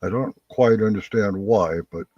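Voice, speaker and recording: A man's voice: on the low side, measured pace, dry recording. A man hosting a live call-in chat show, telling folksy stories in a casual way and laughing as he goes. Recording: dull lo-fi sound.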